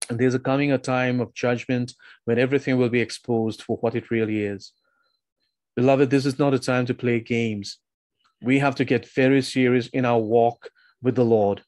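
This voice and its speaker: A man delivers a sermon in an earnest, emphatic voice and presses his listeners with questions. His pitch sits in a middle range for a man. The sound is dry, with almost no room echo. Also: fairly even intonation, moderate pace, a little mellow. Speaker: preacher.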